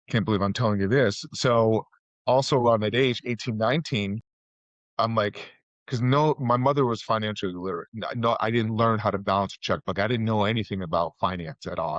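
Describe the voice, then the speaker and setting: A middle-aged man with a fairly low voice, appearing as a real estate guest in a casual storytelling interview, tells loose, rambling stories packed with fillers and restarts. The recording is dry, dull and muffled.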